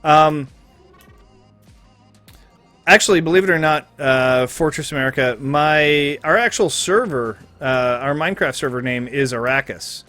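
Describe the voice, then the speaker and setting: A man's voice: fairly high pitch, measured pace, bright, forceful tone, soft background music. A man streaming a game, chatting casually in a rambling, joking, profane way.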